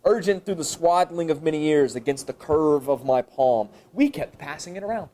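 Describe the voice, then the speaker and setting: Lively, animated man leading a workshop. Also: moderate pace. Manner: animated, jumps high in pitch for emphasis; thinks aloud, asks and answers his own questions. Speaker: teacher trainer. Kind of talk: professional development workshop talk. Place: high school room with an audience. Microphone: camera recording a live session.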